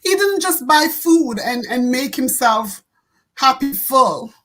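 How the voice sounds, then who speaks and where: A woman hosting an online talk show, speaking earnestly and warmly, repeating words and laughing often. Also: sits high, expressive, slow, low-quality recording. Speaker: host.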